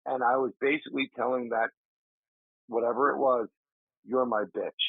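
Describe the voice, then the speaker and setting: Gravelly man telling a story over a tinny line. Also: medium pitch, normal speed, no echo. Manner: animated storyteller, acts out friend's shouts. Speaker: paranormal investigator guest. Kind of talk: casual storytelling. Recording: dry tinny remote call audio.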